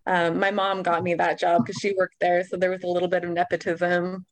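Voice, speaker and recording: A woman's voice: on the low side, little pitch movement, fairly quick. A woman recalling her past in a casual group chat, rambling and chatty.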